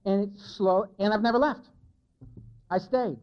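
On a dull, lo-fi recording, a high-pitched man speaks in an unhurried way. He stands before a live audience at a recovery meeting, giving an honest personal testimony laced with self-mockery.

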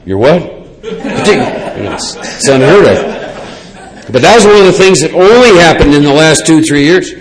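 A man's voice: on the high side, a little slow, poor audio. Rambling man sharing a recovery story. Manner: rambling, lively storyteller with many asides. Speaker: recovery speaker. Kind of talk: personal testimony talk.

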